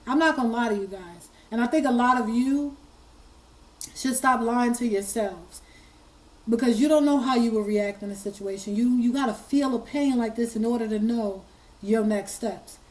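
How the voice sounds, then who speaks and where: A woman hosting an online commentary, speaking earnestly while hoarse and fighting back tears, often repeating her words. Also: fairly high pitch, normal speed, poor audio. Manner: earnest, choked up, repeats herself. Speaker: commentary channel host. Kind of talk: emotional commentary.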